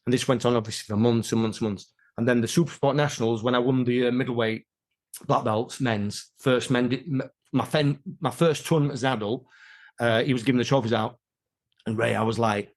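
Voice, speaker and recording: A man chatting casually as an interview guest, his voice sitting at an ordinary middle pitch. He tells stories from his past with energy and acts out the voices of other people. It sounds like a relaxed conversation. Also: quick pace. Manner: animated storyteller, acts out quoted voices. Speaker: interview guest, martial artist.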